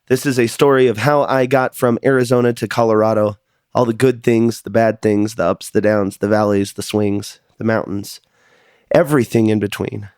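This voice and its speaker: A man's voice: on the low side, steady tone, moderate pace, a little mellow, clean tone, no room sound, clean studio sound. Earnest man telling his own story. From United States. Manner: earnest, confessional, repeats words when emotional. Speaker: podcast host. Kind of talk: personal storytelling monologue.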